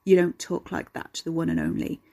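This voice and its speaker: A woman voicing a crude, menacing creature of a man with a gruff, mocking manner in a storybook reading. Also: sits low, big pitch swings, fairly quick, dark tone. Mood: gloating menace.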